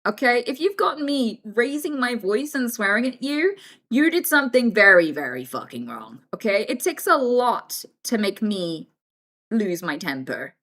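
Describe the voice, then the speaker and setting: A woman's voice: on the high side, sing-song, a little slow, fairly bright tone. A young British woman chatting casually on a livestream, frank and swearing freely as she tells stories.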